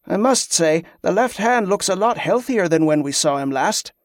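A man's voice: high-pitched, expressive, normal speed, no echo, clean studio sound, voice pushed up. A male narrator voicing a young nobleman who talks in a polite, wry and inquisitive way. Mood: curious.

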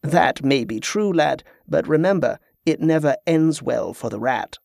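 A man's voice: on the high side, expressive, a little slow, vocal fry, a little mellow, dry recording. A man voicing a grim older advisor with a dry, knowing way of speaking.

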